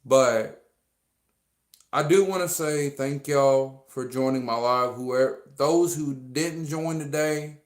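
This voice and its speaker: A man talking casually to viewers on a livestream, rambling and repeating himself, earnestly thanking his fans. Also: mid-range voice. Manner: rambling and repetitive, full of fillers. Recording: echoey room.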